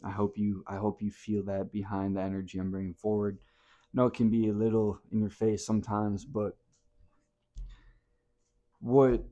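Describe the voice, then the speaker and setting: A man giving a motivational talk to camera, blunt and impassioned, swinging from hushed to loud and swearing casually. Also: lowish voice, little pitch movement, moderate pace, long pauses. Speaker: motivational speaker.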